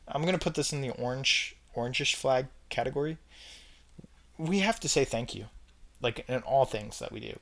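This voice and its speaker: A young man talking straight to camera in a casual opinion vlog, emphatic and repeating his points with chatty fillers. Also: medium pitch. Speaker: vlogger ranking red flags.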